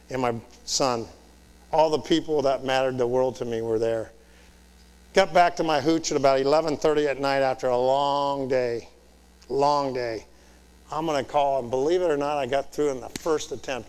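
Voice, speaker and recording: A man's voice: medium pitch, darkish tone, clear, resonant tone. A man in his fifties, a military commander, gives a blunt motivational talk from a lecture-hall stage. His voice sits in an ordinary middle register, and he keeps checking in with "Okay?" and firing rhetorical questions. The sound carries a long reverb tail from the big room. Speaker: military commander addressing officer students.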